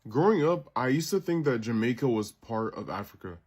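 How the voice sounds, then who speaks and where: A man's voice: mid-range voice, very animated, fairly quick, a little mellow, breathy edge. A man from Nigeria talking casually to camera, puzzled and repeating himself.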